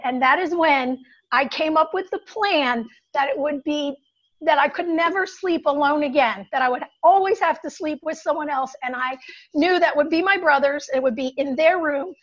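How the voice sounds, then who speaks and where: A woman's voice: high-pitched, fairly bright tone, lo-fi sound. A woman telling a personal childhood story, building suspense and acting out her panic.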